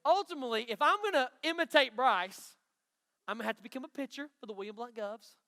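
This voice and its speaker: High, bright-voiced youth pastor. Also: male voice, fast talker. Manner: energetic, emphatic, bantering with the audience. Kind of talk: youth sermon. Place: stage in a large hall before a student crowd. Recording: long hall reverb.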